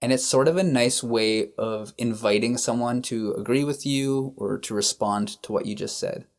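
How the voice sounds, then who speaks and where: A man with a Canadian accent, co-hosting a podcast and explaining words in a relaxed, casual chat. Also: medium pitch. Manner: easygoing, explains slowly and models words. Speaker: podcast co-host, English teacher. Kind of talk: casual conversational lesson.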